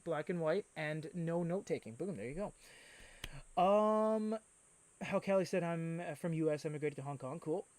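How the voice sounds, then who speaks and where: A man hosts a live stream in a loose, chatty way, answering viewers and getting worked up about what he likes. His voice sits high for a man. The sound is dry and close. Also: dry recording. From Canada. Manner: chatty, reads viewer comments aloud, excitable. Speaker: livestream host. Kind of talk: casual live-stream chat.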